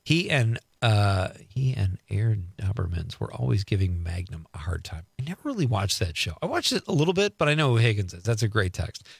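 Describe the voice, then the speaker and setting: A man's voice: lowish voice, big pitch swings, a little fast, gravelly, few pauses, slightly rough, no room sound. A middle-aged man hosting a radio show, chatting casually as he reads listener texts aloud and riffs on each one.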